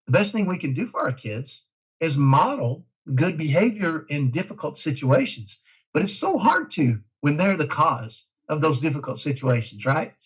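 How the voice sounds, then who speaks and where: A middle-aged man from Dallas, a parent guest talking in an emphatic, energetic way in a casual interview. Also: a little high, normal speed, slightly rough, low-quality recording. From Dallas, Texas. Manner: energetic, emphatic, self-described type A.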